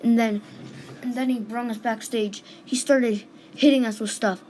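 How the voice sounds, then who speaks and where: A woman's voice: fairly high pitch, steady tone, normal speed, darkish tone, a little hiss or hum, poor audio. A woman casually retelling a dream, rambling and restarting with lots of "and then", on a home recording. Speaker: storyteller.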